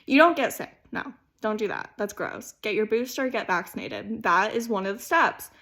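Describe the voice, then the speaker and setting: A woman's voice: mid-range voice, animated, normal speed, vocal fry, a bit bright. Giggly young woman rambling through a comic speech. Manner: rambling and self-mocking, laughing through her words. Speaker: student giving a class video speech. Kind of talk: comedic how-to speech.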